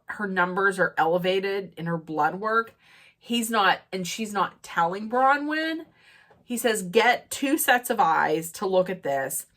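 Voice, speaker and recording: A woman's voice: medium pitch, bright, forceful tone. A woman casually recapping a reality show episode, chatty, with frequent fillers and restarts. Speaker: recap host.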